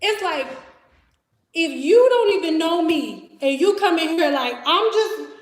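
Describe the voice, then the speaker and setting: Brief: young Detroit woman, casual storytime vlogger, high voice, lively and laughing. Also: measured pace, echoey room. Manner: chatty, animated, laughs often, acts out voices. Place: home kitchen.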